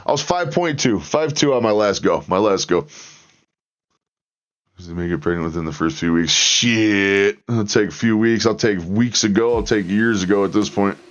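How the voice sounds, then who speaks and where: A man's voice: on the low side, normal speed. Chatty man on a lo-fi livestream. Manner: chatty, reacting to viewers and the narration. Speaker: livestream host. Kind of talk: casual chat. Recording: lo-fi stream audio.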